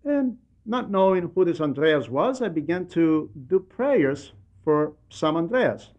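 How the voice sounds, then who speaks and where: A man reads aloud a translated radio talk, telling a story earnestly. His voice sits a little high for a man. He turns to address the listener directly at points. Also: sing-song, unhurried, darkish tone, lo-fi sound.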